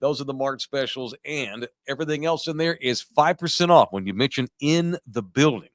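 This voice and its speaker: A man's voice: mid-range voice, brisk, no room sound, clean studio sound. Profane, sarcastic male podcast host. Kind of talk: casual sports podcast banter. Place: podcast studio.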